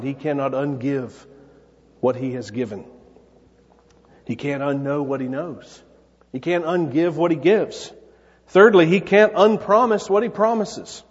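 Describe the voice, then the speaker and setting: A male pastor delivers his sermon in a slightly high, husky voice, earnest and conversational, slipping into quick playful asides. The sound is dull and lo-fi, with a long reverb from a large church hall.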